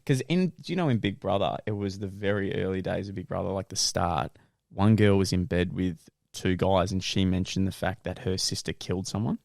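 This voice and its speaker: A young man co-hosting a podcast, telling stories in an animated way, laughing and swearing casually. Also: low-pitched, fairly quick, creaky, no echo, clean studio sound. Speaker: podcast co-host. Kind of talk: casual chat.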